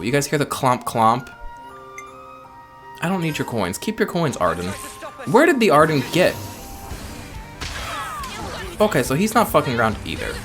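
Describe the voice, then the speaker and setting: American man, let's play host, loose jokey rambler, lively up-and-down delivery, faint music behind. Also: a little high. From United States. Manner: rambling, joking asides and self-mocking chatter. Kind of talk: casual gameplay commentary.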